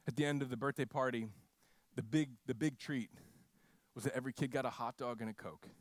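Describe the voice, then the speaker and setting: A man preaching a sermon, telling a mission story with frequent restarts and lively quoted voices. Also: mid-range voice, fairly quick, no echo. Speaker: pastor.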